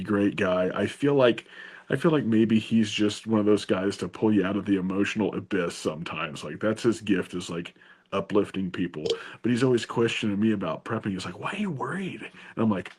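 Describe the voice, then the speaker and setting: A man with a low, husky voice talks easily in a relaxed conversation. He sounds thoughtful and often starts his sentences over as he works out what he means. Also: moderate pace. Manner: relaxed, thoughtful, with frequent restarts. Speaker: guest. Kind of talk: casual conversation.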